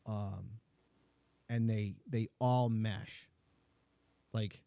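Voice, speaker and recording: Mellow-voiced chatty middle-aged man. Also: lowish voice, steady tone, extremely slow, creaky, no echo. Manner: chatty, filler-heavy storytelling with many "like"s. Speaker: podcast host. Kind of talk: casual chat.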